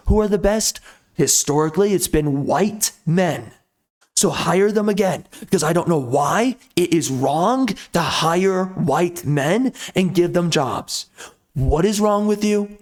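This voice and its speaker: A man's voice: sits high, animated, unhurried. A man giving a ranting commentary, blunt and repetitive, venting frustration at length. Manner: ranting, repeats himself, blunt. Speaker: video commentator.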